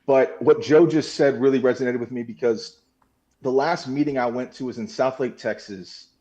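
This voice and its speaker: A man's voice: mid-range voice, moderate pace, warm tone, dull audio. A man sharing his recovery story in a video-call meeting, candid and emotional, swearing freely. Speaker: meeting participant. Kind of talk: personal recovery share.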